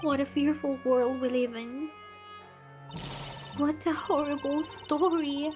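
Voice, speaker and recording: A woman doing a shrill, fretful townswoman. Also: little pitch movement, slow pace, over music. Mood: fearful. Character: fretful gossipy townswoman who keeps goats. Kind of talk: game dialogue read aloud.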